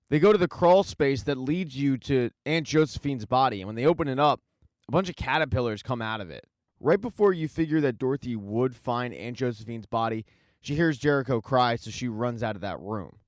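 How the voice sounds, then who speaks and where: A man's voice: medium pitch, dry recording. A man narrating a casual TV show recap with wry, dry asides. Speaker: TV recap host.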